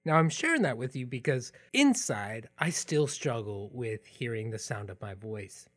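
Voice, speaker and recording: A man hosting a podcast, telling a personal story in a reflective, earnest way that drops into quiet asides. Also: medium pitch, very animated, normal speed. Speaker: podcast host.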